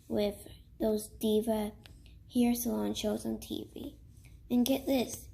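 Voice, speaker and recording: Woman reading a story aloud, higher voice, halting with restarts, light background hiss. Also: fairly even intonation, gravelly. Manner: halting, stumbles and restarts, breaks off to chat. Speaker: reader.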